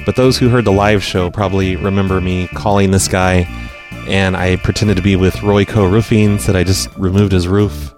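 A man with a fairly low voice hosts a casual podcast, commenting on his calls in a blunt, sarcastic way. Faint music plays softly behind him. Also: fairly even intonation, moderate pace. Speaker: prank-call podcast host. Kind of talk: casual chat.

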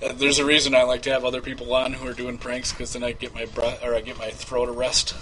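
A man's voice: mid-range voice, monotone, quick pace, very noisy. A man hosting a casual live prank call show, loose and laughing, swearing freely. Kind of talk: casual live-stream chat.

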